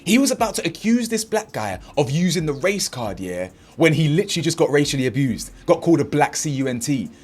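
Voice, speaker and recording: A man's voice: a little high, brisk, few pauses, husky. A man doing fired-up reaction commentary, acting out what others said and using heavy street slang. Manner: animated and indignant, acts out quotes, heavy slang. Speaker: commentary channel host.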